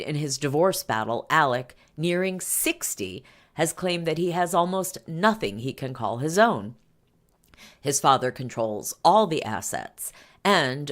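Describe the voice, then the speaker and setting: A woman hosting a podcast, reading an article aloud and breaking off for chatty asides full of fillers. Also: extremely low pitch. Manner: chatty asides with fillers between read passages. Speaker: podcast host.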